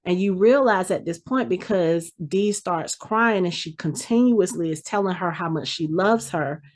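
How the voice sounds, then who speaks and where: A woman's voice: on the low side, normal speed. A woman hosting a podcast, animatedly retelling a TV episode and acting out the characters' lines. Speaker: podcast host. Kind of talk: casual episode recap.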